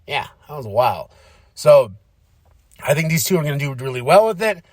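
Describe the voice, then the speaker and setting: A man with a voice on the high side speaks briskly as host of a podcast, recorded at studio quality without echo. He casually recaps a wrestling show, animatedly acting out the wrestlers' lines in shifting voices.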